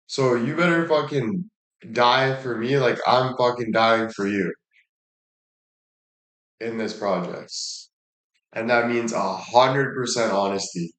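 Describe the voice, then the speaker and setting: A man's voice: medium pitch, slow pace, long pauses, fairly bright tone. Blunt, swearing man in an echoey room. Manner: blunt, heavy swearing, repetitive and emphatic. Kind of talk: casual monologue.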